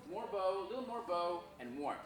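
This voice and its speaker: A man's voice: sits high, very animated, brisk, soft background music. Frank man coaching an orchestra in an echoey room. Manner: frank, joking, self-deprecating, sings phrases to demonstrate. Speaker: visiting violinist teaching a masterclass. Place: school rehearsal room, echoey. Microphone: recorded from afar by a room camera. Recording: echoey room, distant, noisy.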